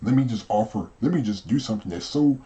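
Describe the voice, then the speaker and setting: A man's voice: fairly low pitch, lively intonation, fast talker, warm tone. A man hosting a reaction commentary, talking casually and often asking rhetorical questions. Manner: conversational, repeats himself, asks rhetorical questions. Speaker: host commentator. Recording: dull lo-fi audio.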